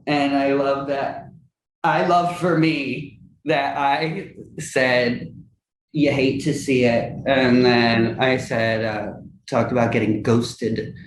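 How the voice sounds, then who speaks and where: A man chatting casually as a musician guest in an interview, animated and laughing often. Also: slow. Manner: animated, acts out quoted friends in high voices, laughs often. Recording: roomy with faint ambience.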